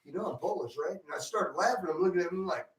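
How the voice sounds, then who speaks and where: A man hosting a radio talk show, trading crude jokes and stories in loud, profane banter. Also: high voice, quick pace, roomy sound. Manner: profane, loud, swings from shouting to muttering.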